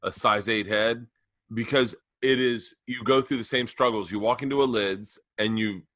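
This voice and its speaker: Male podcast co-host, bright tone, loose storyteller, swears freely. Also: on the low side, normal speed, no echo. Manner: rambling storyteller, acts out exchanges; profane. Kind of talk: casual comedic chat.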